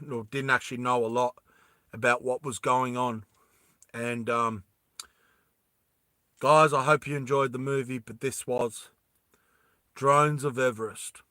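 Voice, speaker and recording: A man casually retelling a movie plot, animated and rambling, often laughing. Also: medium pitch, unhurried, long pauses, no room sound, studio quality. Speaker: storyteller.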